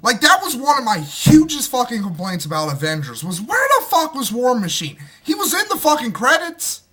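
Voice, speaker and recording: A fired-up man rants through a movie review, cursing constantly and jumping between grumbling asides and loud exasperated bursts. His voice sits high for a man and sounds very bright and sharp. The delivery is loose, casual and unscripted. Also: normal speed, slightly rough. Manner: profane, excitable, swings from muttering to shouting.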